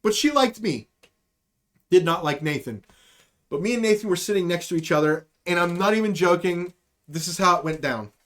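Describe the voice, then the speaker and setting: A man hosting a live-streamed show tells a comic story in a loose, rambling way, swearing freely and poking fun at himself. His voice sits noticeably high for a man. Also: moderate pace, a bit bright. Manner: rambling, profane, self-deprecating. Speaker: podcast host. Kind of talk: comedic storytelling on a livestream.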